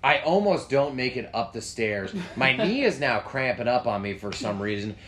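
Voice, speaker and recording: A man telling a story in casual chat, animated and profane, jumping into a high yelp when he acts out his own panicked lines. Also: moderate pace.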